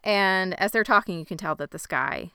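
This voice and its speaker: A woman co-hosting a casual podcast, retelling a TV episode in an animated way with jokes and the odd swear. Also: medium pitch, moderate pace, clear, resonant tone, dry recording, studio quality. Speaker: podcast co-host. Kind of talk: casual TV recap chat.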